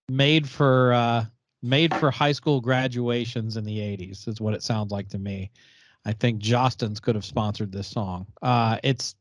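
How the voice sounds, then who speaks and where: Blunt mid-pitched man, dry sound. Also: dry recording, highs cut off. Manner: blunt, opinionated, measured. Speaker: podcast co-host. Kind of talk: casual chat.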